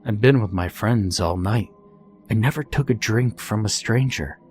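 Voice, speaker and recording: A man reading a first-person horror story in a calm, steady scripted narration. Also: fairly low pitch, moderate pace, faint music behind.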